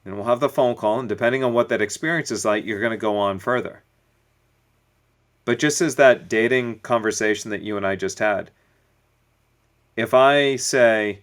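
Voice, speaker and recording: A man, a business coach as guest, explaining points through acted-out everyday stories in a relaxed interview. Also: medium pitch. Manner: storytelling, acts out little dialogues. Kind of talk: conversational podcast interview.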